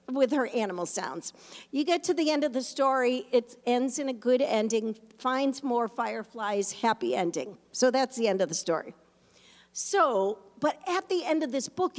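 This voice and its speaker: A woman pastor telling a story in a sermon, animated at times and hushed and reflective at others. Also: fairly high pitch, in a large hall.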